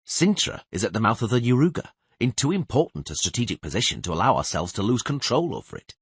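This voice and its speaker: A calculating king who needles the others with sardonic mockery. A man acts him out in a husky voice that rises and falls a great deal. The recording is close and dry. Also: medium pitch, very animated, fast, no echo, pitched above the performer's own voice. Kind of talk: audiobook character voice.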